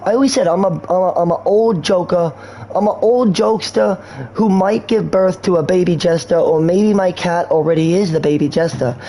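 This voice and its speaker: Slangy high-voiced male streamer. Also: moderate pace, mellow. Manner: slangy, rambling, erratic. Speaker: game streamer. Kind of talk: rambling casual stream talk.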